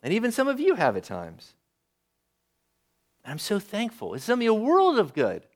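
A male preacher delivering a sermon with a lively, animated voice that swings up and down. He is fairly high-pitched for a man and keeps turning to his listeners with questions. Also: normal speed. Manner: lively, asks the audience questions.

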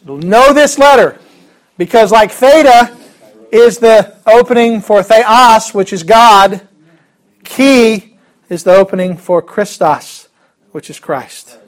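High-voiced man teaching a class. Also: slow pace. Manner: joking, chuckling, with many fillers and restarts. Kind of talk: casual classroom lesson.

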